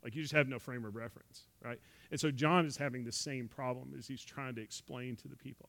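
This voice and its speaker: A man's voice: medium pitch, a little fast, hardly any pauses, a bit bright. A man giving a casual Bible teaching talk, conversational and full of "right?" asides, acting out quoted speech. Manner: acts out quoted speech in dialogue.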